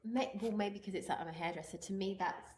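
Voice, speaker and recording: Fast-talking chatty woman hairdresser. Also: medium pitch, darkish tone. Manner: chatty and candid. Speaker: co-host and hairdresser. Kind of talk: casual studio chat. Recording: echoey room with faint noise.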